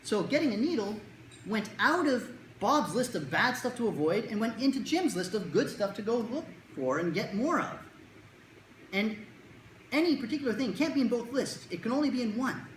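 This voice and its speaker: A fairly high-pitched woman lectures with a very lively, animated delivery and acts out her anecdotes. Her voice echoes around the room over faint background ambience. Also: moderate pace, a little hiss or hum. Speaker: speaker.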